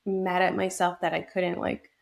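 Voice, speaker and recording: Young woman with a gravelly voice. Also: fairly low pitch, flat delivery, moderate pace. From New York state. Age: young adult. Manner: reflective, many fillers and restarts. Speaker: podcast guest. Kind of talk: personal storytelling in an interview.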